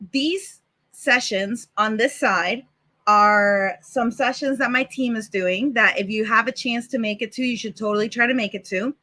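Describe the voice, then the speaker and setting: A woman's voice: a little high, sharp tone. A woman hosting a casual live developer show over a video call, chatty and upbeat. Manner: upbeat, chatty, laughs easily. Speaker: host and product manager.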